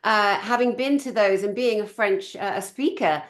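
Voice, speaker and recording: A woman's voice: mid-range voice, normal speed. Effusive woman host greeting guests, roomy echo. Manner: affectionate, effusive, calls guests "my love". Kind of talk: conference host chat.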